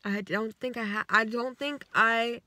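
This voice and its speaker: Casual woman vlogger, rambling, animated quoting, dry close sound, car. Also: on the high side, a little slow, dry recording. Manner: rambling and animated, acts out quotes, swears freely. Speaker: vlogger retelling her dreams. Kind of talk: casual storytelling. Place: inside her car.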